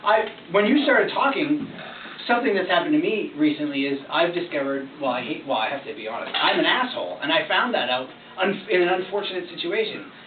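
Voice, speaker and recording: Male performance coach, high lively voice, candid and animated, tinny echoey room sound from a distance. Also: a little fast, background noise. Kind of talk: coaching session.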